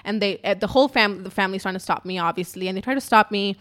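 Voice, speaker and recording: A woman podcaster tells a personal story straight to her audience. Her delivery is raw and emotional, peppered with swearing and constant "like" fillers, at an ordinary middle pitch. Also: quick pace, fairly bright tone. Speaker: podcaster and YouTuber.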